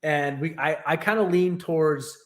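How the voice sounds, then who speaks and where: A man's voice: on the high side, normal speed. A man casually chatting on his livestream, rambling and laughing as he tells stories. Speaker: streamer and host. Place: new home in Texas.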